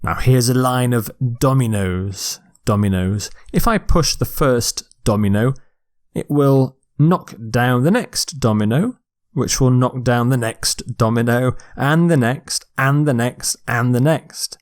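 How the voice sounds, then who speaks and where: Man, English teacher, vocabulary lecture, slow careful delivery, stressed syllables, mid pitch.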